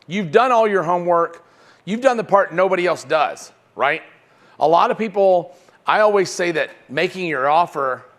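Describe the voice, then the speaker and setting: A man giving a live sales-training seminar with lots of energy, often checking in with his audience. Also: fairly high pitch. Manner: energetic, punctuates points with "right?".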